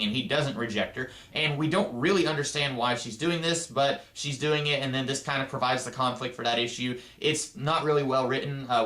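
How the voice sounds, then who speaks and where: A man's voice: medium pitch, sharp tone, echoey room. A man giving a casual, rambling comic book review with many asides and fillers.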